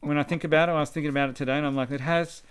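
A man hosts a relaxed podcast chat, wandering through his thoughts and restarting sentences. His voice sits a little high and sounds smooth and clean. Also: very fast. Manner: chatty, rambling, with restarts and laughter. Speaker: podcast host. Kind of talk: casual chat.

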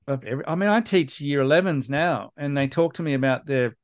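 Podcast host: middle-aged Aussie man, lively storyteller who does little voices, slightly high-pitched. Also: fairly quick. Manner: animated storytelling, mimics kids in quotes. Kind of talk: casual chat.

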